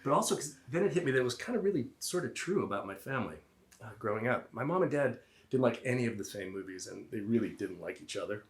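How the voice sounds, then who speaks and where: A man in his fifties from the Boston area tells a personal story live in a roomy-sounding venue. His mid-range voice has lively intonation and a quick pace, and his delivery is wry, self-deprecating and conversational.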